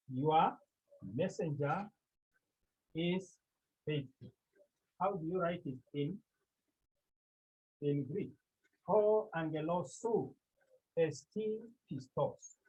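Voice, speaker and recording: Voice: medium pitch, breathy edge, phone-quality sound. A Greek teacher from Cameroon, lecturing a class, repeating key words and asking the students rhetorical questions.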